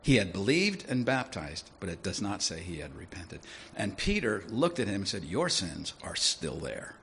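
A man preaching a sermon in a lively, conversational way, often asking his listeners questions. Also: on the low side, moderate pace, a little hiss or hum. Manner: animated, conversational, asks the audience questions.

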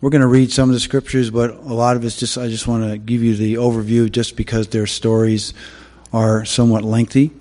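A man giving a sermon, opening with prayer and then telling Bible stories in a halting way with many fillers. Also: mid-range voice, level tone, mellow, long reverb tail. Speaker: preacher.

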